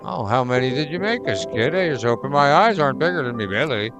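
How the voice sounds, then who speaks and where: A man's voice: medium pitch, expressive, fast, music in the background, lightly acted. A man voicing a cheery male woodland critter from a video game in a put-on Irish accent, folksy and hearty.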